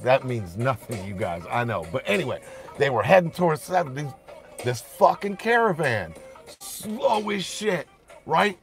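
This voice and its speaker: A man, telling rough street stories in a profane, animated way, laughing often. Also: medium pitch, moderate pace, soft background music. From Detroit, Michigan. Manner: profane, animated storyteller who laughs often and acts out shouts. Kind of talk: casual storytelling chat.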